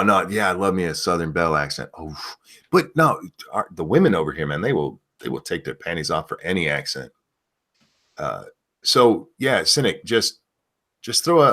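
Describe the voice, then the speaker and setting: A man hosting a casual chat show, rambling through crude jokes and reading out donations. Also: low-pitched. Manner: loose rambling crude humor, animated. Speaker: show host.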